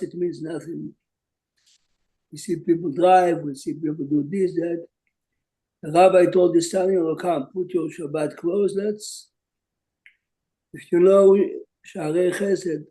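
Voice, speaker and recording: A man's voice: on the high side, fairly even intonation, a little slow, dark tone, poor audio. An older man from Jerusalem, a rabbi teaching an online class and telling stories in English sprinkled with Hebrew terms.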